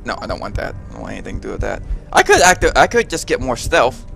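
A man giving casual let's-play commentary, excitable and quick to exclaim. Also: medium pitch, gravelly, soft background music.

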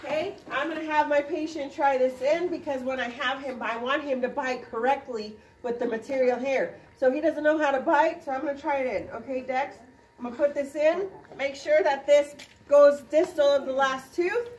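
A woman, a dental instructor, demonstrating a procedure to a class and quizzing students with quick questions. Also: sits high, steady tone, a little mellow, distant mic, a little hiss or hum. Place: clinic classroom. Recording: roomy sound from off-mic.

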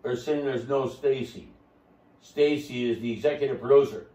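A man's voice: mid-range voice, normal speed, mellow, roomy sound, far from the mic. A man telling his story on a podcast, boisterous and rambling, with a salesman's flourish. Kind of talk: casual chat.

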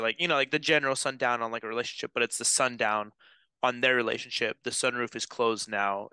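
Young male co-host, teasing and rambling with fillers, piercingly bright tone, dry sound. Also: mid-range voice, smooth, no room sound. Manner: teasing, thinks aloud with many fillers. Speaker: podcast co-host. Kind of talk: casual chat reviewing music.

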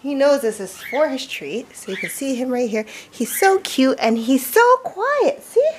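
A woman's voice: high voice, very animated, moderate pace, darkish tone, slight background noise. A woman doing a casual how-to vlog as a pet owner, chatty, coaxing and enthusiastic.

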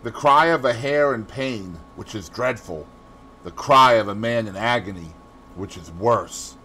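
With a fairly low-pitched voice, a man narrates a classic novel as an audiobook, delivering it in a measured yet expressive storytelling style.

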